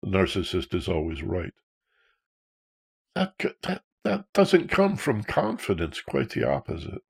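A male counselor speaks earnestly about fear and childhood feelings, posing rhetorical questions in a talk on emotional self-awareness. His deep, creaky, slightly rough voice is unhurried and swoops wildly in pitch.

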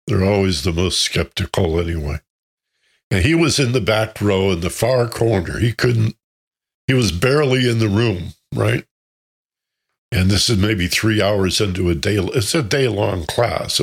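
Slow, husky-voiced man telling a story. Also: fairly low pitch. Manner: storytelling, chuckles, asks rhetorical questions. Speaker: meditation and self-development teacher. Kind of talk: class talk with anecdotes.

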